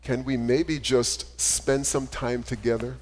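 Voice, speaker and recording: Remorseful tired wife, hushed and low, read out by a male preacher in a reverberant hall. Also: steady tone, slow pace, a little hiss or hum, lightly acted. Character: remorseful married woman, weary and tearful.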